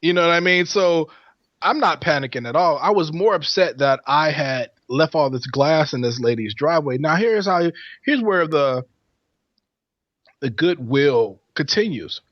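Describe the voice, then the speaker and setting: A man co-hosting a casual podcast, telling a story in an animated way and laughing often. His voice sits slightly high. The recording is dry and a little dull, like lo-fi podcast audio. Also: a little slow, no room sound. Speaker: podcast co-host.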